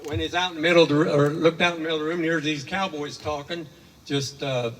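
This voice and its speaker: Heard far off in an echoing hall with slight background noise, an older man spins a rambling, homespun tale packed with fillers and folksy asides. His voice is a little high, quick, and fairly even.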